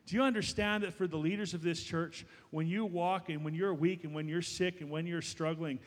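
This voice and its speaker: A man's voice: fairly high pitch, steady tone, brisk, in a large hall. A man preaching a sermon as pastor, emphatic and building to raised, passionate delivery.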